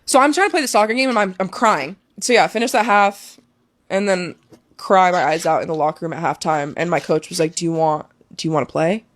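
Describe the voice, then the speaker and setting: A woman's voice: fairly low pitch, brisk, no room sound. A young woman talking as a guest, telling an emotional personal story casually with many fillers.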